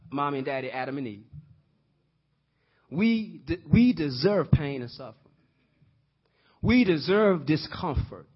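A man with a high voice delivers a sermon, speaking straight to his listeners and checking whether they follow. He repeats and restarts words as he builds his points, and plays out the characters' lines himself. The recording is dull and lo-fi. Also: slightly rough. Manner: acts out quoted voices in dialogue. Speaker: preacher.

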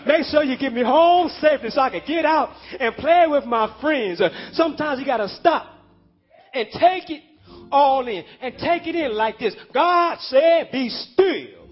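Fervent high-voiced male preacher. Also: expressive, normal speed. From Illinois. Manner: fervent, emphatic, rising to shouts. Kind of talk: sermon. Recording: dull lo-fi audio.

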